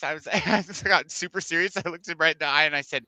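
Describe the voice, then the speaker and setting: A co-host in casual chat, telling animated stories and laughing often. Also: mid-range voice, quick pace, few pauses.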